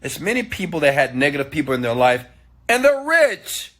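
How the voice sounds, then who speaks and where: A man giving a motivational talk, preachy and animated, often checking in with "okay?". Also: fairly high pitch, a little fast. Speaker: motivational speaker.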